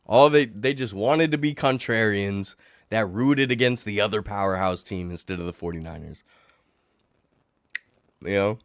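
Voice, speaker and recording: A middle-aged man, sick and coughing, ranting in a casual livestream chat, sarcastic and animated. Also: lowish voice, moderate pace, pauses often, no room sound. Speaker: livestream host.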